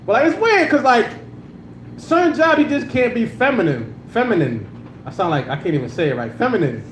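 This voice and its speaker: A very high-pitched, fairly bright male voice, brisk and highly animated, runs through a casual, crude comedy set into a handheld mic at a club. He's laid-back and leans on filler words often while a live audience listens, captured with roomy club acoustics and slight noise.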